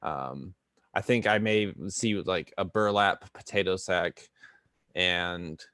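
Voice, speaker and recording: Slow-talking man playing a tabletop game. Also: deep voice, fairly bright tone, smooth, dry recording, studio quality. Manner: thinking aloud, questioning. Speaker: player. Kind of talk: tabletop role-play.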